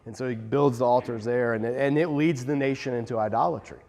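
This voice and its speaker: Animated male Bible teacher in a reverberant room. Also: medium pitch, quick pace, creaky. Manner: animated and emphatic, with self-deprecating asides.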